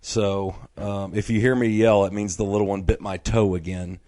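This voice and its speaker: A man's voice: lowish voice, dry recording, clean studio sound. A middle-aged man hosting a fishing talk show, rattling off event details and then chatting casually with his guests. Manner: rapid-fire announcer reading event details, then relaxed chat. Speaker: podcast host.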